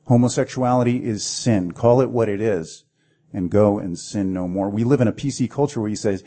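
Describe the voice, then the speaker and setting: A man's voice: on the low side, moderate pace, mellow. A man preaching a sermon with dramatic delivery, acting out the voices in the stories he tells. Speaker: pastor.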